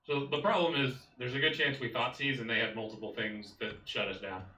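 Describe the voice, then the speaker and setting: A man's voice: mid-range voice, steady tone, fairly quick, bright, forceful tone. A man co-commentating a card game match, weighing the options and backing the player. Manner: weighs lines and backs the player. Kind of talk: casual gameplay commentary. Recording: echoey, distant mic with faint noise.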